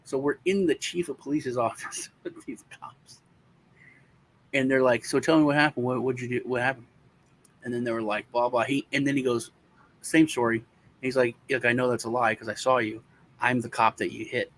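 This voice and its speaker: A man's voice: mid-range voice, fairly quick, slight background noise. A man casually telling a long personal story, swearing now and then and acting out the voices of the people in it. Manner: animated, acts out the voices of people in his story. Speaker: co-host.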